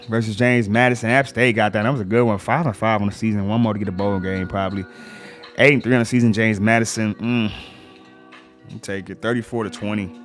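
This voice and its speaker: A man hosting a sports livestream, reading game scores in a casual rundown and reacting to each result with slang asides. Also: on the low side.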